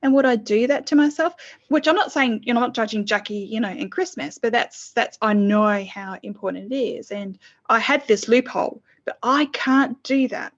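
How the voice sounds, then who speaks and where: Expressive woman telling a story. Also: fairly high pitch, normal speed, dull audio. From lived in the UK. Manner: expressive storyteller, acts out her past self. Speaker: podcast co-host, guest. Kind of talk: casual interview chat.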